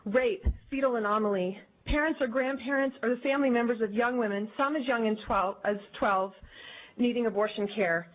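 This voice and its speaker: A woman speaking in an earnest, measured way as she gives prepared testimony before a legislative committee. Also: fairly high pitch. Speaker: advocacy group director testifying. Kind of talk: formal public testimony. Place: legislative committee hearing room. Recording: tinny, phone-like archive audio.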